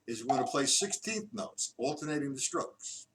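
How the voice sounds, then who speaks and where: A man's voice: a little high, lively intonation, over loud music. A man teaching a live-streamed drum lesson, patiently counting beats aloud and explaining each exercise. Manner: slow, patient counting aloud, demonstrating rhythms. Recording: distant mic with loud noise.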